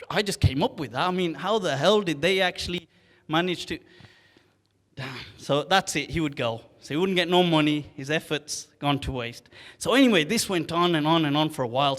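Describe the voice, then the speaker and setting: A man tells a story in a relaxed, conversational way and slips into the voices of its characters. His voice sits somewhat high for a man. The sound carries a long reverb, as if recorded in a large hall. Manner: animated, acts out the characters' lines; recites classical Arabic poetry rapidly and rhythmically. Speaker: Islamic scholar telling a story. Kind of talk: casual storytelling talk.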